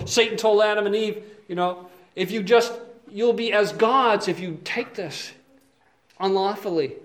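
Male preacher, high voice, earnest, emphatic, sermon delivery that shifts between soft asides and loud stressed points. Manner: earnest, emphatic, asks the listeners to check in often. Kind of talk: expository sermon.

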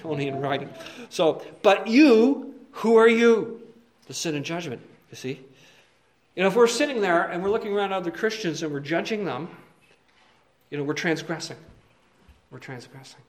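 A man preaching an expository sermon, earnest and emphatic, who keeps checking in with his listeners and moves between quiet asides and loud, stressed points. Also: on the high side.

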